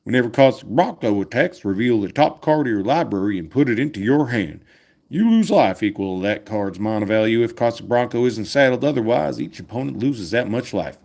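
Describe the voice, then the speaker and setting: A man's voice: mid-range voice, lively intonation, a little fast, gravelly, darkish tone. A man from Massachusetts hosting a casual card-opening chat. He talks with enthusiasm and reads card text aloud. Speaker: host.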